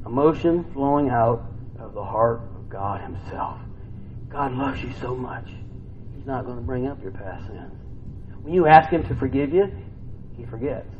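A man preaching a sermon in a conversational way, asking rhetorical questions, humming to himself, and swinging between soft, low scripture reading and loud, excited outbursts. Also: moderate pace, phone-quality sound, a little hiss or hum.

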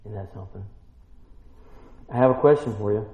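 A man preaching a sermon, emphatic and full of rhetorical questions, building to excited peaks. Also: on the low side, fairly quick. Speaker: pastor. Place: church. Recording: roomy church, dull lo-fi sound.

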